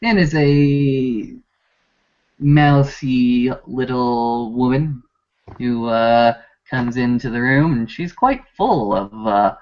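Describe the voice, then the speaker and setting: A man narrating a tabletop game as game master, unhurried and descriptive, on a dull lo-fi recording. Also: medium pitch.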